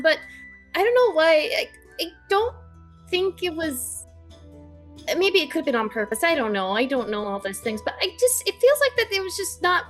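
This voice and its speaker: A woman voicing a frightened, clingy young female sparrow in a tabletop game, with high squeaky fretful chatter. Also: a bit bright, heavily acted.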